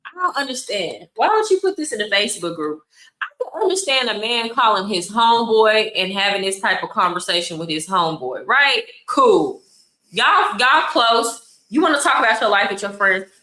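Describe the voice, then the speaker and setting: A woman's voice: medium pitch, lively intonation, normal speed, pushed and bright, reverberant, rough recording. A woman, hosting casual commentary in a blunt, exasperated way and repeating her points for emphasis. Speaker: commentary host.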